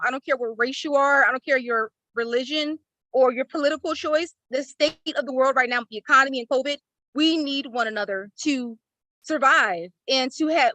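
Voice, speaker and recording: Her voice is high-pitched with a sharp tone as she tearfully and effusively expresses heartfelt gratitude. She's a participant in an online class, speaking over a laptop or phone video call; the recording is rough, with no echo.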